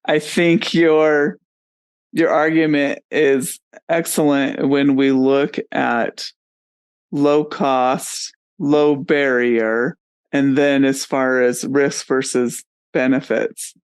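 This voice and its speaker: A man's voice: mid-range voice, flat delivery, slow pace, clean tone, no room sound. A man hosting a podcast interview, agreeable and encouraging as he asks questions. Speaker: podcast host.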